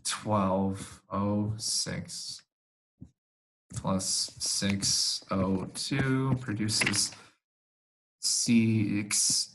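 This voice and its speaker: A man's voice: on the low side, level tone, extremely slow, gravelly, background noise. Casual, swearing young male chemistry tutor. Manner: casual and easily flustered, swearing and laughing at himself. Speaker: supplemental instruction leader.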